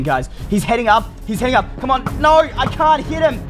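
A young man commentating a game for his channel, excitable and ranting at what happens on screen. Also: high voice, quick pace, over music. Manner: excitable, shouts and rants at the game. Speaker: gaming YouTuber. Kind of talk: Minecraft let's play commentary.

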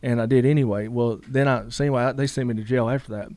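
A man's voice: medium pitch, fairly even intonation, fast, darkish tone, no room sound. A middle-aged man, telling a story casually in a rambling way, full of fillers and quoted dialogue. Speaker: guest.

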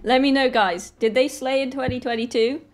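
A woman's voice: high voice, fairly even intonation, a little fast. A woman in her twenties from Britain, chatting casually and laughing often as she reacts to a video. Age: 20s.

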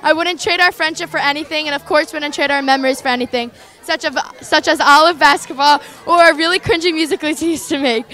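A woman's voice: high-pitched, fairly quick, pushed and bright. A young woman reading an affectionate written toast to a friend. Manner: affectionate, reads from a written note. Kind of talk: reading a heartfelt speech.

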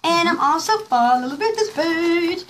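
A woman's voice: very high voice, lively intonation, normal speed, fairly bright tone, slight background noise. A woman hosting a casual live pearl jewelry showcase, gushing and giggling, rambling with lots of fillers. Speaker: host showing pearl jewelry.

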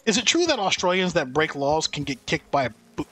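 A man's voice: on the high side, very animated, fairly quick, bright, forceful tone, a little hiss or hum. A man streaming a video game, joking and rambling as he thanks chat by name. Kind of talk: casual live-stream chat.

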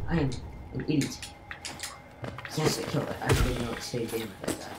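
A woman's voice: rumbling low, a little fast, pauses often. A woman hosting a let's play, rambling through casual gameplay commentary with self-mocking jokes and stumbling restarts. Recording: roomy echo with steady background noise.

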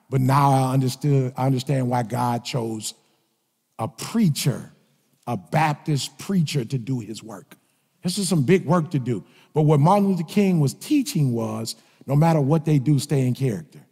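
A male preacher with delivers a motivational sermon, his husky voice rising into shouted, sing-song refrains. His voice sits high for a man. Soft music plays under him in a hall with a long reverb.

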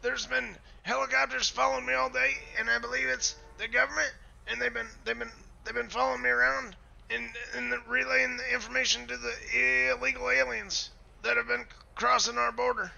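A man's voice: very high voice, little pitch movement, a little fast, creaky, sharp tone, highs cut off, heavily acted. A man playing a stammering, foul-mouthed, paranoid redneck who hunts aliens with a gun, rambling in an improvised game role-play. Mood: ranting paranoid.

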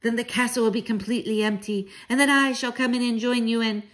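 A woman's voice: a little high, fairly even intonation, fast talker, fairly bright tone, pitched above the performer's own voice, lightly acted. A woman reading aloud, voicing a spirited old grandmother who speaks emphatically and commandingly. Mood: fervent. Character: fierce, spirited old grandmother witch-hunter.

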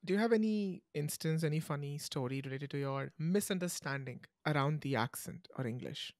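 A man's voice: a little high, brisk, a little mellow, no room sound. Upbeat male interviewer, dry sound. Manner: upbeat, laughs easily. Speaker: interviewer host. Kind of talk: casual interview.

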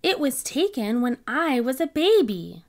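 A woman's voice: high-pitched, sing-song, a little slow, darkish tone, voice pushed up, full character voice. A woman voicing a young girl sheep in a storybook who speaks in an insistent, matter-of-fact way. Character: young girl sheep, bossy and sure of herself.

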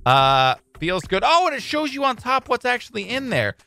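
A man giving casual let's-play commentary on his own video, excitable, swinging between mumbling and loud outbursts. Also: very high-pitched, moderate pace, creaky, soft background music. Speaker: gaming YouTuber.

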